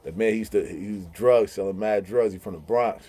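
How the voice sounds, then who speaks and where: In a lowish, slightly fast voice with a breathy edge, a man tells funny prison stories in a casual way. He's animated, laughing as he goes and mimicking the voices of the people he quotes.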